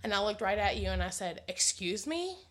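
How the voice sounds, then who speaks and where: A woman's voice: medium pitch, flat delivery, fast talker. Mom co-host in her thirties; blunt, giggly storyteller with a potty mouth. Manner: laughing, blunt, swears freely. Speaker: podcast co-host, mother. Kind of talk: casual storytelling chat.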